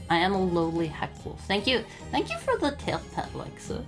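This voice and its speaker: A man's voice: high voice, wildly swooping pitch, moderate pace, music in the background. Playful stammering young streamer guy. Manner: stammering, playful, laughs often. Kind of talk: casual livestream chat reading chat messages. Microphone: studio microphone.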